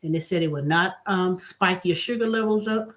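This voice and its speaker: A woman's voice: fairly low pitch, normal speed. Blunt, emphatic woman vlogger ranting. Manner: blunt, emphatic, swinging from exasperated to delighted. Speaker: vlog host. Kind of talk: casual solo rant.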